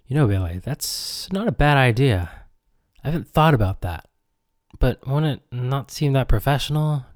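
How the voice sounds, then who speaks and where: A man's voice: medium pitch, expressive, moderate pace, dry recording, clean studio sound. Rambling male radio host. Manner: self-deprecating, chatty, talks to the audience. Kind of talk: rambling comedic radio banter.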